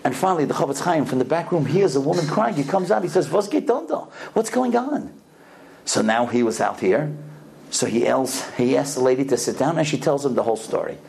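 A man telling stories in a talk, animated and often repeating his words as he starts a sentence. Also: mid-range voice, fast talker, creaky, slight background noise. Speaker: speaker telling religious stories. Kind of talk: anecdotal storytelling talk.

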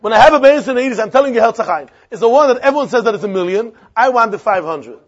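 A man with a Yiddish-inflected accent, giving a Talmud lesson in an animated, repetitive, sing-song way with many questions. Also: extremely high pitch, fast, husky, highs cut off. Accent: Yiddish-inflected English. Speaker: Talmud teacher.

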